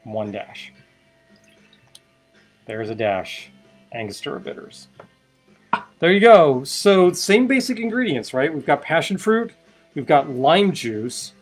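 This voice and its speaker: A man hosting a casual live stream, chatting and explaining while he mixes cocktails, with wry asides. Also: a little high. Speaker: host mixing cocktails.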